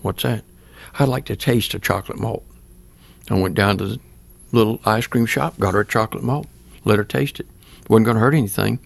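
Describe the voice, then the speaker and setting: A man's voice: on the low side, a little fast, gravelly, dry recording. An older man, a pastor, earnestly telling a personal story in plain words during an interview. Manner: plain-spoken, earnest, acts out remembered dialogue.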